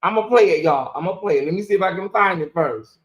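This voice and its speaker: A woman hosting a casual live stream, talking in an animated, ranting way and laughing often. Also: on the low side, fast. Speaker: livestream host.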